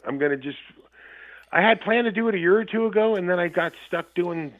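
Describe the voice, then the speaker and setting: A man on a tinny, narrow phone line, his voice sitting a little high. He rambles through stories casually, cursing freely and laughing as he talks. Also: expressive, a little fast. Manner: rambling, profane, laughs often. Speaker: guest musician. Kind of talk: casual storytelling chat. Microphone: phone call.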